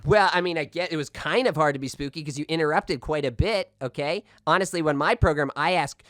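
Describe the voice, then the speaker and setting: A man's voice: on the high side, fairly quick, fairly bright tone, no room sound, clean studio sound, lightly acted. An actor playing a radio call-in host in a comedy audio drama, rambling through a story and tacking "okay?" onto his lines.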